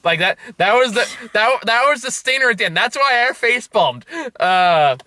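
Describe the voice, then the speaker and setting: A man's voice: very high voice, expressive, moderate pace, sharp tone, dry recording. A man hosting a casual movie review chat, sarcastic and laughing often, swearing freely as he mocks a film. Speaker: movie review show host.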